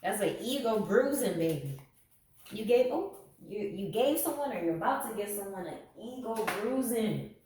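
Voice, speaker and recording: A woman's voice: mid-range voice, expressive, normal speed, mellow, slight background noise. A woman giving a casual tarot reading to camera, sarcastic and laughing often. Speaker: tarot reader. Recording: echoey room, mic at a distance.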